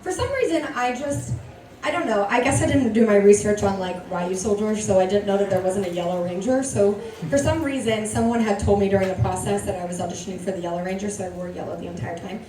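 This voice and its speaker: A woman's voice: medium pitch, fast talker, warm tone. A woman, an actor on a convention panel, telling a story in a playful, giggly way. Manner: playful, giggly, acts out quoted voices. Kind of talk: casual storytelling on stage. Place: large convention hall. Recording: echoey hall from far off, crowd noise.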